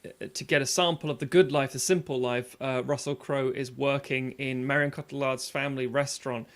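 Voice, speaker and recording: A man's voice: mid-range voice, fairly even intonation, a little fast, fairly bright tone. A man co-hosting a casual live-streamed film discussion, rambling and swearing with easy laughs. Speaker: podcast co-host.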